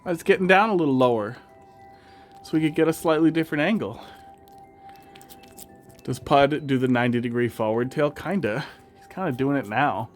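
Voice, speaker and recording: A man's voice: medium pitch, moderate pace, pauses often. A man with a slight Wisconsin accent, streaming and chatting casually with viewers while talking to his cats in a sing-song voice. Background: faint music.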